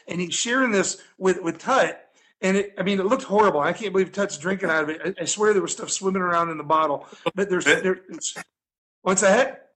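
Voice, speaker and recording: High-voiced man telling a rambling story. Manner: rambling, animated, laughing often. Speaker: podcast guest storyteller. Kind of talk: casual storytelling.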